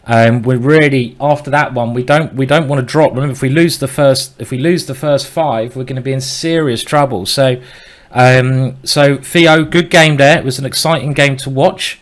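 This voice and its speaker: Male host, mid-pitched, casual excitable chess commentary. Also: moderate pace. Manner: excitable, urging players on.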